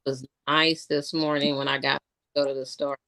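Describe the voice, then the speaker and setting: A woman chatting casually on a video call, talking in an excitable, gushing way. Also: a bass voice, brisk. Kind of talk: casual chat. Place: home, remote video call.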